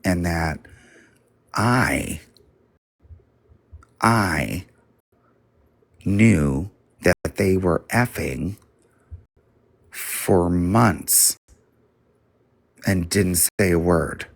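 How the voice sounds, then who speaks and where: Slow, gravelly, husky-voiced man. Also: sits low, animated, no echo. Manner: profane, blunt storytelling. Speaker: livestreamer. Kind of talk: casual storytelling.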